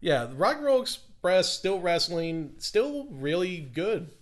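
A man chatting on a casual podcast, his voice sitting a touch high. He talks in an easy, knowing way and delivers his jokes dryly. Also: sing-song, a little slow. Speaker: podcast co-host. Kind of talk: casual chat.

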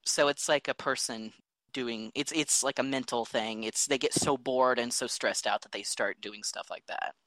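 A man's voice: medium pitch, fairly even intonation, normal speed, fairly bright tone, no echo, rough recording. A man co-hosting a podcast, explaining facts in an earnest, chatty way. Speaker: podcast co-host. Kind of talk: casual chat.

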